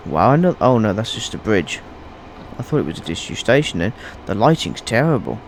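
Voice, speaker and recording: Halting man narrating his gameplay. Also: on the low side, very animated, gravelly, slight background noise. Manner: halting, restarts sentences, rambling asides. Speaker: gaming YouTuber. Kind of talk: casual gameplay commentary.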